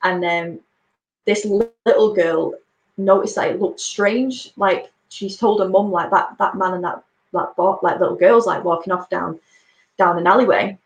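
A woman's voice: on the low side, steady tone, normal speed, reverberant, low-quality recording. A woman chatting casually, rambling and stacking up fillers as she tells a story. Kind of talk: casual chat.

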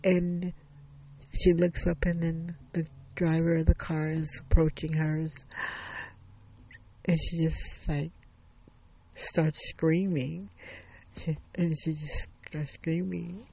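A man retells a thriller story in a casual, halting way, often starting over and repeating phrases. His voice is gravelly and husky, and a little higher than most men's. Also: level tone, mellow.

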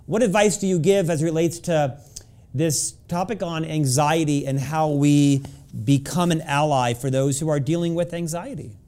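Male host, interview conversation, measured questions, a bit high-pitched. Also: steady tone, darkish tone. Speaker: podcast host.

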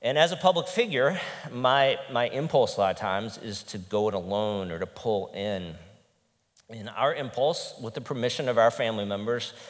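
A man's voice: medium pitch, moderate pace. A male pastor preaching a conversational sermon, earnest and candid, his voice sometimes breaking with emotion. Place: church sanctuary. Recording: long reverb in a large hall.

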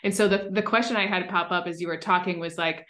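A woman with a lower voice hosts a podcast interview. She talks in a reflective, casual way and sums up her guest's points before asking her next question. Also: steady tone, fast talker, fairly bright tone. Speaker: podcast host. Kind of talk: conversational interview.

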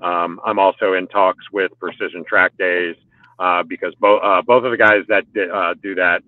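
A man's voice: low-pitched, steady tone, moderate pace, no echo. A man who runs motorcycle track days and coaches riders, talking casually on a podcast in a rambling way full of fillers and restarts. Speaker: motorcycle track day organizer and riding coach. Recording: phone-like call audio.

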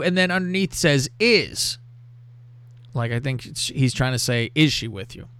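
Guy telling a dirty story to his cohost, swoopy pitch, cussing a lot, dry sound. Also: measured pace, smooth, dry recording. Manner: animated, profane, reads out texts with laughter. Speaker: podcast host. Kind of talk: crude casual storytelling.

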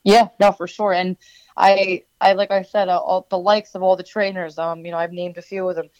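A woman's voice: on the low side, flat delivery, fairly quick, darkish tone, dry recording, highs cut off. A woman from New Jersey with a New Jersey accent, a wrestler and manager who answers in a rambling, chatty way full of fillers and restarts. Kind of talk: casual interview answers.

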